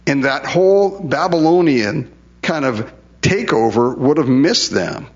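A man teaching a Bible passage in a relaxed, conversational way, asking rhetorical questions and paraphrasing God in everyday speech. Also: fairly high pitch, measured pace. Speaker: pastor. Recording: dull lo-fi sound.

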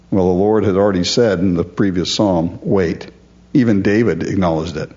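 A man's voice: low-pitched, normal speed, mellow, dull audio. A man preaching a sermon, earnest and emphatic, often calling his listeners folks. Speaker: pastor.

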